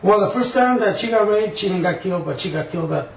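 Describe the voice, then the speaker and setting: A man giving flat, evasive, curt answers while being questioned on camera. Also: sits high, quick pace, creaky. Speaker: man caught on a TV sting show. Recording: echoey, distant, noisy TV clip.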